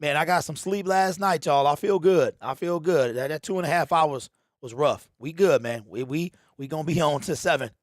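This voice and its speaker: A man hosting a casual fan livestream, animated and slangy, talking straight to his chat. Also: on the high side, a little fast, dry recording, clean studio sound. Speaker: livestream host.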